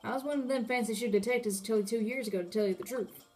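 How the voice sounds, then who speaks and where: A woman's voice: on the high side, quick pace, darkish tone, soft background music, close to an everyday voice. A woman voicing a swaggering male cowboy police officer with a put-on Texan drawl and folksy sayings.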